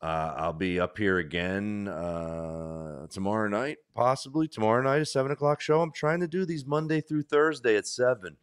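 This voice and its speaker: A man talking casually about his own show in a halting way with many pauses and fillers. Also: on the low side, clear, resonant tone, no echo, studio quality. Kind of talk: casual chat.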